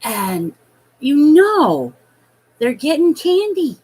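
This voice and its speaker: A woman telling a personal childhood story in a hesitant, halting way, full of fillers. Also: low-pitched, lively intonation, low-quality recording. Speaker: vlogger.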